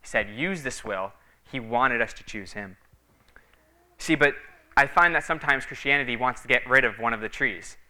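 A man preaching in a relaxed, chatty way, telling stories and filling pauses with little fillers. His voice is very bright and crisp, sitting at an ordinary pitch, and it lifts when he acts out the people in his stories. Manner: conversational storytelling, many fillers. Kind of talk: sermon.

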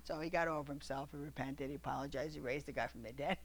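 A preacher reading scripture aloud and telling lively stories to a congregation, often laughing. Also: female voice, low voice, quick pace. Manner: animated, laughing storyteller.

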